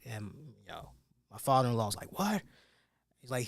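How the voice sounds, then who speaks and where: A man hosting a wrestling review show, telling a story in an animated way and acting out the people in it with loud bursts. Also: mid-range voice, normal speed, gravelly, long pauses, no room sound, clean studio sound. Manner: emphatic, acts out quoted voices with loud bursts.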